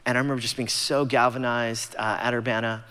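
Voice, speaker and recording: A Los Angeles man in his forties, guest speaking at a church gathering, shares his personal testimony in a conversational, self-deprecating way. His mid-range voice is level, brisk, pushed and bright, with a clear, resonant tone, and the large sanctuary adds long reverb.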